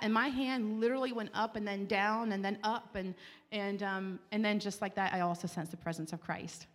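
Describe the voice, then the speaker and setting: A woman tells her personal story of faith at an ordinary pitch, earnest and heartfelt, and she often restarts her sentences. Her voice rings with a long reverb, as if it were recorded in a large hall. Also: fairly even intonation, moderate pace. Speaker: speaker giving a Christian testimony.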